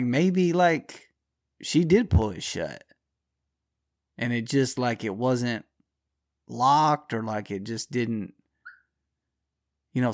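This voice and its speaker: A man hosting his own show, delivering a blunt, profane, rambling solo rant. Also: medium pitch.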